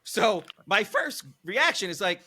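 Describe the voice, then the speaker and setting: A man, a podcast co-host telling a wild story in animated, profane, incredulous casual chat. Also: sits high, unhurried.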